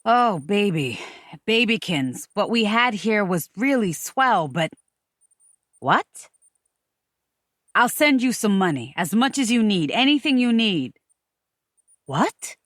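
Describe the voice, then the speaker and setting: A woman voicing a smooth, patronizing American man who keeps soothing his lover with pet names. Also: mid-range voice, very animated, slow pace, pauses often, fairly bright tone, dry recording, studio quality. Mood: placating. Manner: soothing, condescending endearments.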